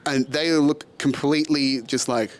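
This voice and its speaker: A man's voice: mid-range voice, fairly even intonation, moderate pace. A young Australian man with a casual podcast manner, telling a story with a lot of swearing and frequent laughter. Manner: laughs often, profane, self-mocking. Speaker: podcast host.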